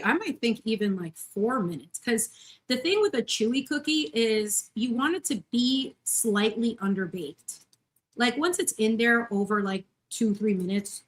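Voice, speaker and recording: A woman in her thirties hosting a casual live stream from her home kitchen, baking and chatting effusively with viewers. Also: medium pitch. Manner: bubbly and effusive, greets viewers by name. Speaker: channel host.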